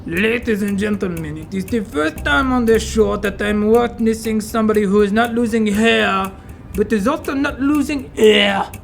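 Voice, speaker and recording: A high, gravelly male voice hosts a kids' comedy game show, by turns exasperated and grandly announcing. Music plays clearly underneath him. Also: normal speed. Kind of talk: comic children's skit.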